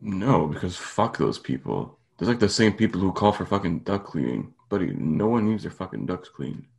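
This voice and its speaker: Low gravelly man, blunt and casual. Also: big pitch swings, moderate pace, darkish tone. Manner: blunt, swears freely, hedges with "like". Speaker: podcast co-host. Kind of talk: casual chat.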